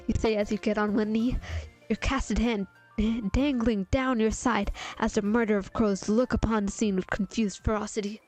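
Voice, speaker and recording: A woman's voice: mid-range voice, steady tone, normal speed, darkish tone. A young woman reading fanfiction aloud in a playful, giggly way, stopping to react to her own story. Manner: playful, giggly, breaks off to comment. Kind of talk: casual dramatic reading of fanfiction. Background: faint music.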